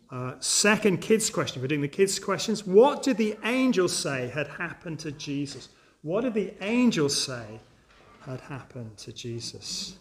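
A man's voice: fairly high pitch, very animated, unhurried. A man preaching an Easter sermon in church, earnest and emphatic, speaking straight to his congregation. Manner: earnest, emphatic, addresses listeners directly. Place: church service.

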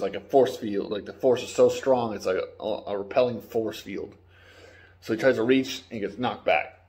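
A man giving a casual, rambling spoiler recap of a TV episode, swearing now and then and acting out the characters' lines. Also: mid-range voice. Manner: rambling, swearing, acts out quotes. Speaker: YouTube reviewer.

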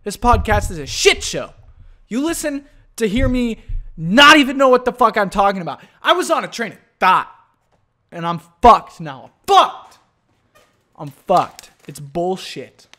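A man's voice: sits high, sing-song, moderate pace, sharp tone. A young man hosting a solo podcast, ranting in a profane, rambling way and often breaking off mid-thought. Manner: profane, rambling, self-interrupting. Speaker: podcast host.

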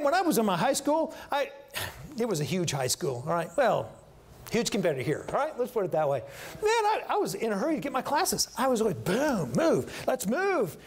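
Animated, high-pitched man preaching. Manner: animated, emphatic, repeats key phrases. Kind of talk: sermon. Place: church sanctuary.

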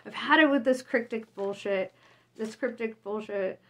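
A woman's voice: fairly high pitch, normal speed, fairly bright tone. A woman voicing an exasperated man who curses and vents while retelling a story. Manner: cursing, exasperated outburst. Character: exasperated young man fed up with riddles.

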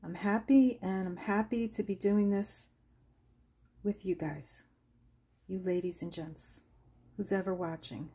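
A woman with a husky, mid-pitched voice talks her viewers through a watercolor painting session. She chats casually and drifts into lively stories, laughing as she goes. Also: measured pace, long pauses. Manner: chatty, laughs while telling stories. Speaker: craft channel host. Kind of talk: casual craft tutorial chat.

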